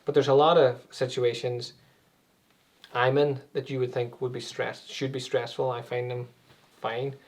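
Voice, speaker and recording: A man's voice: mid-range voice, flat delivery, unhurried. A man, an anxiety and meditation coach, explaining things conversationally with everyday examples as an interview guest.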